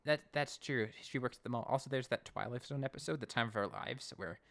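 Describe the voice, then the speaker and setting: A man co-hosting a casual recap podcast, jokey and animated, often acting out lines. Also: mid-range voice, brisk, creaky. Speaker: podcast co-host.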